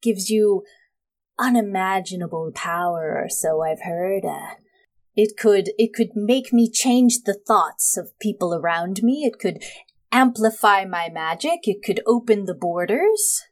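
A woman's voice: mid-range voice, expressive, unhurried, close to an everyday voice. A woman voicing a scheming male noble, a father set on power, evasive and grandiose.

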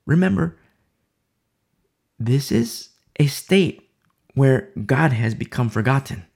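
A man's voice: medium pitch, expressive, takes it slowly, vocal fry, darkish tone, husky. A man preaching a Bible sermon, emphatic and repeating key phrases for emphasis.

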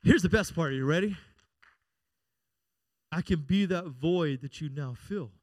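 A middle-aged pastor preaches with a high, ringing man's voice. He swings from loud calls for "Amen?" to hushed, confiding stretches. The sound is close and dry. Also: a little slow, no echo. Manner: preaching with call-and-response "Amen?" and swings between loud and quiet. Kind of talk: sermon.

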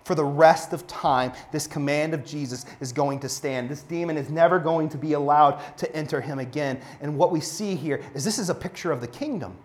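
A man preaches a sermon in a fairly high voice at normal speed. He builds to emphatic, passionate peaks and then drops into soft, quiet phrases.

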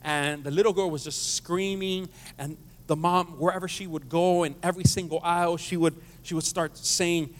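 A man's voice: fairly high pitch, moderate pace. A man preaching as a pastor, mixing jokes with scripture and calling on the congregation to answer back. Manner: joking, asks the congregation to respond. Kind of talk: sermon. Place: church sanctuary. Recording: long reverb of a church hall.

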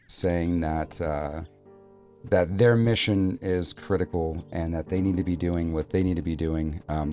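A man narrating as game master in a relaxed, halting way with many fillers. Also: deep voice.

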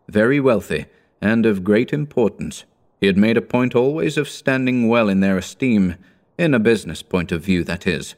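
A man narrating an audiobook in a measured, steady reading. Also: on the low side.

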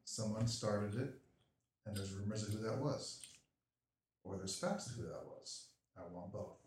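Low-voiced man playing a tabletop game. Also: unhurried, a little mellow. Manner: terse, clipped in character. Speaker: player. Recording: very echoey room, faint noise.

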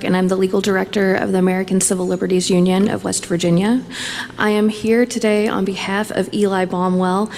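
A woman serving as a legal director, giving a formal, measured prepared statement at a hearing. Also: medium pitch, creaky, darkish tone, long reverb tail, slight background noise.

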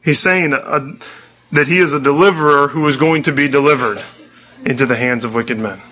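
A man's voice: mid-range voice, moderate pace, pushed and bright, muffled recording, faint music behind. A pastor giving a conversational, earnest sermon, often restarting his sentences.

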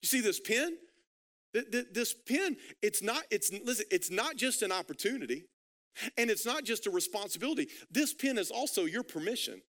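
A man preaching a sermon, emphatic and repetitive, swinging between hushed lines and loud ones. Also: sits high, sing-song, moderate pace. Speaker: pastor.

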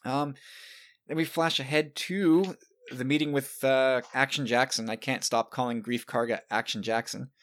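A man's voice: medium pitch, steady tone, moderate pace, a bit bright. Chatty man recapping an episode. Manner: chatty, restarts words often. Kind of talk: casual chat.

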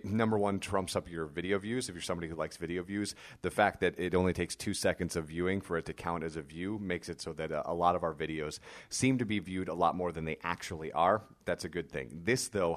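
A man hosting a podcast in a casual monologue, hoarse from losing his voice, talking conversationally with frequent "uh" fillers. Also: low-pitched, a little fast. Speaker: podcast host.

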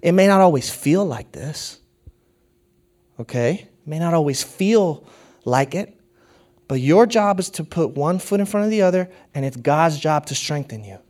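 Brief: middle-aged male pastor, slightly higher voice, earnest sermon delivery with hushed storytelling. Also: expressive, normal speed.

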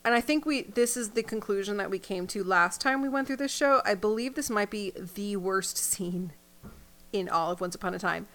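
A woman co-hosting a podcast in casual chat, animated and acting out characters as she talks. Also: mid-range voice, normal speed, soft background music. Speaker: podcast co-host.

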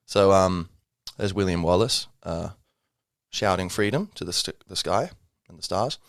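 A man's voice: low-pitched, a little slow, no room sound, studio quality. A man hosting a casual solo podcast, rambling with many fillers and self-corrections. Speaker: podcast host.

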